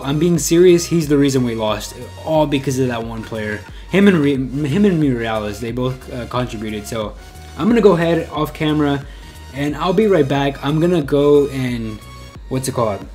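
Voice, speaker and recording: A man's voice: medium pitch, a little mellow. A young man recording casual gaming commentary, rambling and frustrated, putting himself down. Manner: frustrated, rambling, self-deprecating. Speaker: gaming YouTuber.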